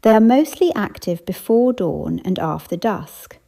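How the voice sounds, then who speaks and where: A woman voicing a snobbish society woman who speaks in an overly posh, flat monotone. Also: mid-range voice, a little slow, creaky.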